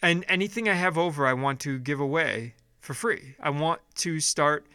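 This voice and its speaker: A man's voice: on the high side, moderate pace, pushed and bright, smooth, no room sound. A man delivering a blunt, profane, exasperated casual rant, often restarting his sentences.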